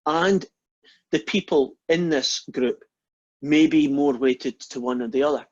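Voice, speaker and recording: A man's voice: fairly high pitch, unhurried, darkish tone. A man giving a university maths lecture, chatty and quizzing the class with questions. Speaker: math lecturer. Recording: dull lo-fi recording.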